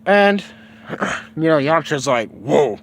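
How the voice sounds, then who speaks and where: A man's voice: medium pitch, expressive, measured pace, fairly bright tone. A man casually retelling a story, rambling and profane, with lots of fillers.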